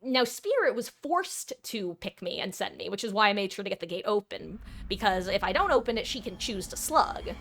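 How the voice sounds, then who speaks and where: Woman live streamer, mid pitch, rambling and self-deprecating, casual play-by-play chat. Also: very animated, a little fast, hardly any pauses, a bit bright. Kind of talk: casual gameplay commentary.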